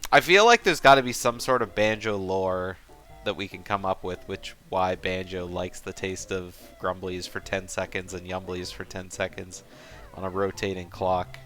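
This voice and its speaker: A man commentating a game race in a relaxed, rambling way, sometimes musing aloud to his viewers. His voice sits low but sounds bright and forward, with faint music playing behind. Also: moderate pace. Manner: relaxed, rambling, talks to chat. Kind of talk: casual commentary.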